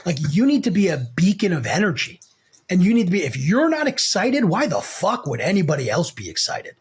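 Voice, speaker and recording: A man's voice: high-pitched, sing-song, brisk, a little hiss or hum. A man co-hosting a casual business podcast, blunt and emphatic, swearing freely as he talks. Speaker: podcast co-host.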